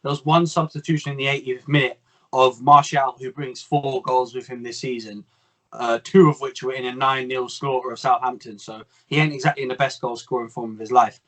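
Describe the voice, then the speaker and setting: A young man, co-hosting a casual football chat in a measured, analytical way with some exasperation. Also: medium pitch, level tone, rough recording. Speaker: co-host.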